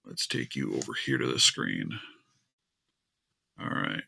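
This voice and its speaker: Chatty gravelly man on a live stream. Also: rumbling low, wildly swooping pitch, slow, sharp tone. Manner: chatty, grumbling at tech trouble, talks to his cat. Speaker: livestream host. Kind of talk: casual live stream chat.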